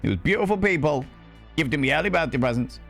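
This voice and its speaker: A man chatting casually on a live stream from his home setup, playful and cheeky, greeting viewers with pet names and swooping up high for mock grandeur. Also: expressive, quick pace, vocal fry, fairly bright tone, soft background music. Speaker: livestreamer.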